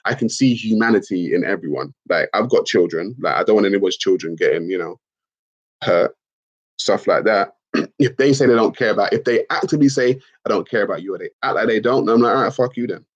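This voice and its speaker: With a fairly low voice and brisk delivery, a young male livestream host reads viewer comments aloud. He keeps things relaxed and slangy, cursing a bit and laughing at what people write, over dull lo-fi audio.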